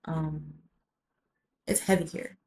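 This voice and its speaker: A woman's voice: sits low, fairly even intonation, slow pace, vocal fry, darkish tone, poor audio. A woman vlogger telling a personal story in a rambling way, full of "like" and casual swearing.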